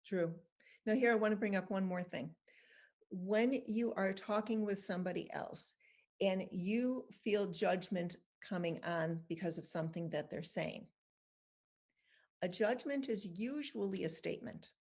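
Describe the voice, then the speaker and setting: A woman's voice: mid-range voice, unhurried, darkish tone. A middle-aged woman guest patiently explaining, step by step, how to handle judgment. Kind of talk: calm guided instruction and anecdotes.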